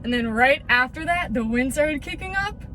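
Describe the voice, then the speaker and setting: A woman fishing vlogger talking casually outdoors by a pond into an action camera, chatty and quick to exclaim. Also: high-pitched. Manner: excitable, chatty, exclaims freely. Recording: windy outdoor camera audio with music.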